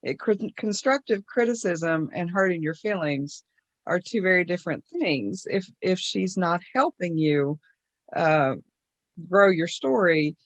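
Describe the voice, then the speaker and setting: A woman mystery author speaks on an online panel, unhurried and thoughtful, leaning on fillers as she gathers her thoughts. Her pace is very slow and her voice sits somewhat low, recorded dry and close. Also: expressive, dry recording. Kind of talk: casual panel discussion.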